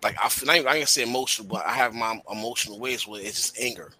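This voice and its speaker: A man talking in a casual podcast chat, animated and slangy, swearing freely. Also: medium pitch, racing, low-quality recording.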